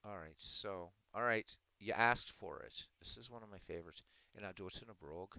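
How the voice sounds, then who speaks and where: A man hosting a livestream, chatting casually with viewers in a relaxed, rambling way. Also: deep voice, normal speed, creaky, hardly any pauses, no echo, rough recording. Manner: relaxed, rambling, chuckling asides. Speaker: livestream host.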